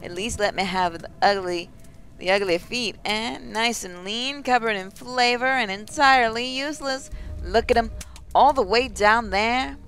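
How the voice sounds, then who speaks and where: A woman's voice: a little high, unhurried, a bit bright, clear, resonant tone. A woman voicing a greedy, crude female cannibal with an attempted British accent, wheedling and leering.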